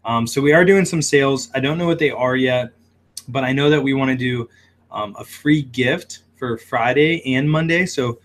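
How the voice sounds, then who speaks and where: Man, casual livestream host, rambling, many ums and uhs, mid-pitched voice. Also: normal speed. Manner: rambling, reads viewer comments aloud, many fillers. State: hiccuping. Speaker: shrimp shop owner hosting a livestream.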